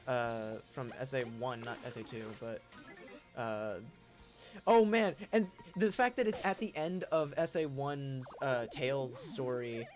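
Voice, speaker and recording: Rambling young man streaming games. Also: mid-range voice. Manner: rambling, lots of fillers and swearing, loud laughing impressions. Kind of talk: casual gaming stream chat.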